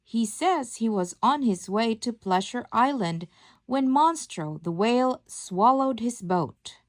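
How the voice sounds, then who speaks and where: A woman reading a storybook aloud, voicing a small excitable male cricket who shouts urgent orders. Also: a little high, slow pace, no room sound, clean studio sound.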